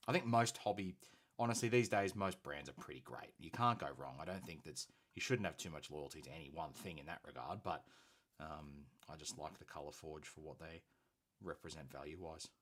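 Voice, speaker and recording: A man's voice: a bass voice, fairly quick, fairly bright tone. An Australian man hosting a hobby painting stream, chatting casually and enthusiastically with plenty of fillers. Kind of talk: casual live-stream chat while painting.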